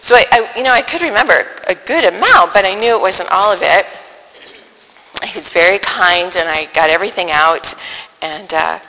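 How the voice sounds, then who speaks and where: A woman telling a personal story to an audience in an animated, self-deprecating way, often stopping and restarting her sentences. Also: on the low side, normal speed, in a large hall, poor audio.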